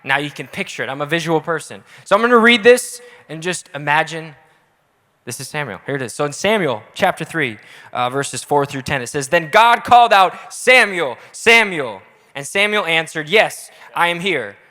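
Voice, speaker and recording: A young adult man preaching a casual, energetic youth sermon in a church auditorium, talking directly with the crowd. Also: a little high, brisk. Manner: energetic, casual, audience-engaging. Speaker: youth pastor. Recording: echoey hall.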